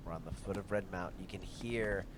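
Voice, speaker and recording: Low-voiced man murmuring game commentary. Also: brisk, background noise. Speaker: let's play host. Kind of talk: gameplay commentary.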